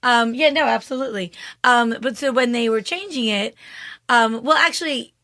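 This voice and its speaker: A woman co-hosts a casual podcast, laughing often and talking in an animated way. Her voice is bright and sits a little high, and the sound is dry and close. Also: normal speed, dry recording. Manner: giggly, animated, talks with her hands. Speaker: podcast co-host. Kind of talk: casual chat.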